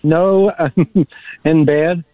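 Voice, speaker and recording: A man's voice: on the high side, fairly even intonation, very slow, no room sound. A man calling a radio show from bed, hesitant and giggly while bluntly criticizing the host. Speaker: caller. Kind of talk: phone-in call. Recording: tinny phone line.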